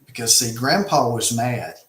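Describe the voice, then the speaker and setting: Animated man telling a story in an echoey room. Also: mid-range voice, measured pace. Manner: animated storyteller, emphatic, frequent restarts. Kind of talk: casual conversation, retelling a film.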